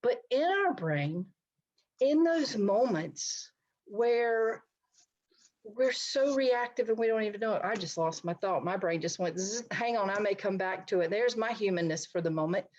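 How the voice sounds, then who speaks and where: A woman's voice: mid-range voice, lively intonation, a little slow, a little mellow, dull audio. A middle-aged woman counselor giving an online talk, speaking conversationally and addressing her listeners directly. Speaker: licensed counselor presenting a talk. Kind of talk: online presentation to a society.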